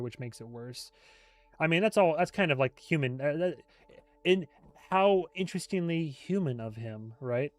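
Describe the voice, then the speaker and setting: A man hosting a casual livestream chat as a TV show reviewer, rambling and joking, quick to laugh. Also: medium pitch, dry recording. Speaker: YouTube host, TV show reviewer.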